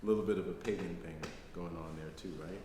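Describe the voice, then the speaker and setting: Middle-aged male lecturer, conversational storyteller, lower voice, recorded in a reverberant hall. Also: fairly even intonation, fast. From United States. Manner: conversational, frequent "right?" tags. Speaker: guest lecturer. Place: lecture hall, live audience. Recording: echoey hall, faint noise.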